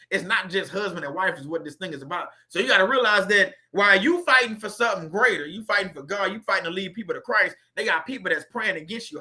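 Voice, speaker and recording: A man's voice: sits high, bright, forceful tone. A man hosting a faith-based talk, preaching emphatically in a repetitive style full of rhetorical questions. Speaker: faith-based video host. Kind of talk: preachy motivational monologue.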